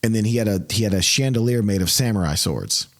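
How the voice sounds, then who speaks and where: A man's voice: lowish voice, expressive, fast. A man hosting a casual podcast, rambling through stories with lots of "like" and restarts. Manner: rambling storyteller, heavy use of "like". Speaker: podcast host. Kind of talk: casual chat. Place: recording in Indiana.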